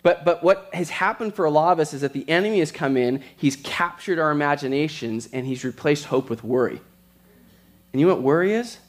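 Pastor, male, slightly higher voice, chatty storytelling sermon delivery. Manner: conversational, storytelling with quick asides.

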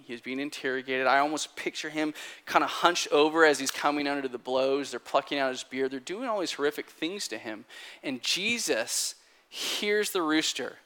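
A man preaching a sermon, retelling a story in an animated, conversational way. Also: fairly high pitch, smooth.

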